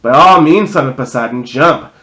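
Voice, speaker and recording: A man reading aloud, voicing a monster posing as a male teacher, slow and sinister. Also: mid-range voice, sharp tone, close to an everyday voice, poor audio. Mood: menacing.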